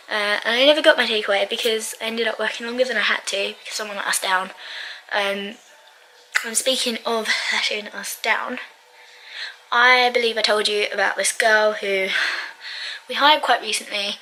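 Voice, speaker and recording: A woman's voice: mid-range voice, pushed and bright, a little hiss or hum, low-quality recording. A young woman chatting casually to camera in her bedroom, rambling with lots of ums and small laughs. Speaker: vlogger. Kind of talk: casual chat vlog.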